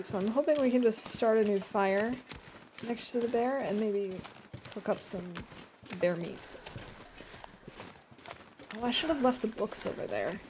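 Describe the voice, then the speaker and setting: A young woman with a slightly high voice talks casually through a survival game from her home setup, chatting with viewers and laughing often. A faint hiss sits under her voice. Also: dark tone. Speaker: game streamer. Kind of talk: casual gameplay commentary.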